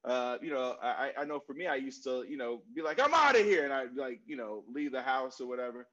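A man in his forties answers at length in a casual conversation, drifting into personal stories and repeating his key phrases. He fills pauses with "um" and "you know". The recording sounds slightly muffled and lo-fi. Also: mid-range voice, steady tone. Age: 40s. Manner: storytelling, repeats phrases, many fillers. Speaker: guest speaker on mental health.

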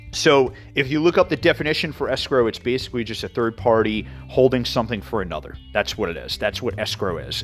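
A man's voice: fairly low pitch, fairly bright tone. Man from New York, podcast host, casual explainer, filler-heavy asides, faint guitar music behind. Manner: conversational, many fillers and asides. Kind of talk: casual educational talk.

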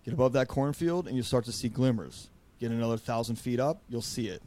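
A man hosting a podcast, talking in a rambling, animated way and acting out quotes. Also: medium pitch, a little fast. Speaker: podcast host. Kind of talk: casual podcast conversation.

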